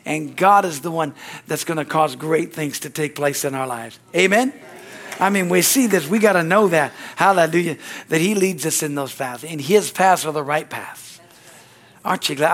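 A male pastor preaching energetically, calling out amen and hallelujah and acting out little dialogues. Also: fairly bright tone. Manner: acts out little dialogues with sudden high-pitched voices. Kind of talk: sermon.

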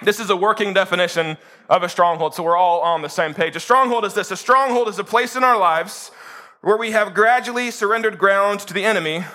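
A pastor delivering a sermon with animated, humorous storytelling. His voice sits high for a man, and its bright, forceful tone carries every point.

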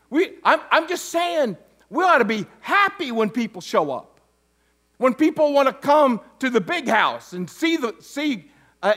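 A man's voice: high voice, pushed and bright. A man, an interim pastor, preaching a conversational sermon with joking asides and frequent restarts. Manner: restarts and stumbles over words.

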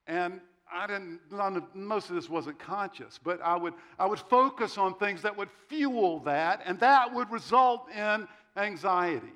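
A middle-aged man preaching in a storytelling way. His voice sits a little higher than most men's, and he slips into quick quoted dialogue and wry jokes about himself. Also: fairly bright tone. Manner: storytelling with self-deprecating humor and quoted dialogue. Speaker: pastor. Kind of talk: sermon.

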